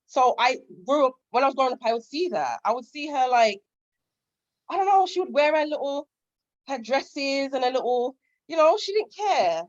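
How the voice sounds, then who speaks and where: A woman's voice: high-pitched, animated, normal speed, highs cut off. A woman guest telling candid stories from her life, acting out what relatives said. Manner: candid, storytelling, acts out relatives' lines. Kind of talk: casual interview chat.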